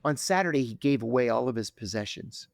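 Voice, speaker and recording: Male podcast guest, animated storyteller, lively and dramatic delivery, dry close sound. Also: mid-range voice, fast talker, vocal fry, no room sound. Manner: dramatic, acts out quoted voices.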